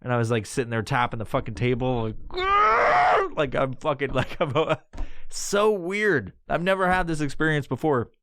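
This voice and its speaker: Man, podcast host, casual profane storytelling, mid pitch, dry close recording. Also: fairly even intonation, fast talker, few pauses, no room sound. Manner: profane, rambling, jumps into loud high-pitched voices for quoted lines.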